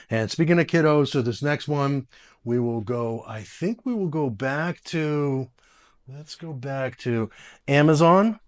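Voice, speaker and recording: A man hosting a casual tech video, chatty and quick to laugh, giving voice commands to smart speakers at home. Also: medium pitch. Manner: chatty, laughs often, restarts phrases.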